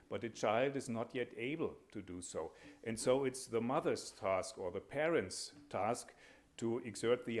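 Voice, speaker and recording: A man with a somewhat low-pitched voice delivers an academic lecture as a panel speaker. He talks in a measured, hesitant way, pausing often and filling the gaps as he builds each point. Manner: measured, hesitant, with frequent pauses and fillers.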